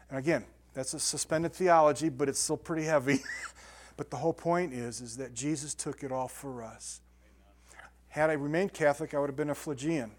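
A man preaching to a congregation, talking casually with restarts and then reading scripture with rising emphasis. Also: on the high side. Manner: conversational, repeats words and restarts, builds to emphatic scripture reading. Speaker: pastor. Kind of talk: sermon.

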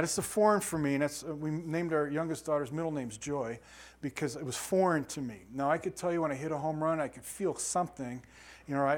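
A middle-aged man leads a bible study as pastor, his voice sitting a little high for a man. He teaches in an easygoing, conversational way, cracking small jokes and tossing questions to the small group in the room. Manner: conversational, jokey, asks the audience questions.

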